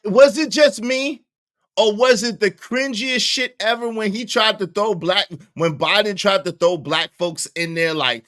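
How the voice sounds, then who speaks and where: A man doing casual livestream reaction commentary, animated and profane, laughing often and repeating himself for emphasis. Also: high-pitched, a little slow, no echo, clean studio sound.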